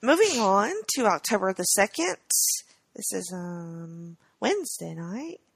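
A woman co-hosting a podcast in casual chat, relaxed and agreeable. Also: mid-range voice, a little slow, creaky, noisy background. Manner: relaxed, agreeable, short backchannels. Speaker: podcast co-host.

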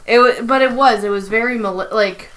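A woman's voice: a little high, fairly quick, a crowd in the background. A woman co-hosting a casual podcast, animatedly retelling scenes and acting out the characters' lines. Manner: animated retelling with quoted voices. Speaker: podcast co-host. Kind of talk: casual recap chat.

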